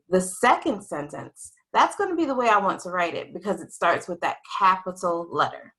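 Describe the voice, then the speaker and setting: A young adult woman teaching a writing lesson to young children in a slow, expressive, sing-song teacher voice. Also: lowish voice, rough recording.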